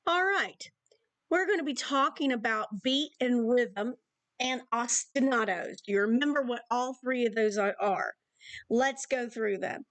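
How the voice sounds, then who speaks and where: A woman's voice: high-pitched, unhurried, a bit bright, no echo. A woman music teacher in a recorded distance-learning lesson, explaining beat and rhythm and counting out patterns with syllables.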